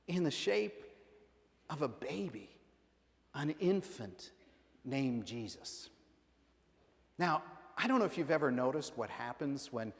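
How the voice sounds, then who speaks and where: A middle-aged male pastor delivering a conversational sermon, acting out playful quoted voices. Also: mid-range voice. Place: large church sanctuary. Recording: long church reverb.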